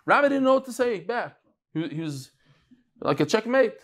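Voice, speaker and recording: Middle-aged male Talmud teacher, high voice, lively and joking, mixes in Yiddish and Hebrew. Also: normal speed. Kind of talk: Talmud lecture.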